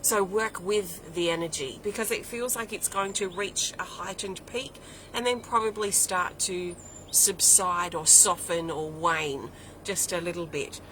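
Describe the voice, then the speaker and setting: A woman with a fairly low, slightly bright voice and a non-American English accent gives an unhurried weekly spiritual oracle card reading. She thinks aloud in a flowing way, repeating and listing words, over slight background noise on a low-quality recording.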